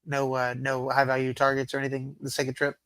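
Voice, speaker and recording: A man's voice: mid-range voice, monotone, fast talker, a bit bright, smooth, dry recording, poor audio. Guy hosting a podcast, mid voice, asks stuff kinda loosely, dry sound. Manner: brief affirmations and loose, restarting questions. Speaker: podcast host. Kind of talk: casual interview.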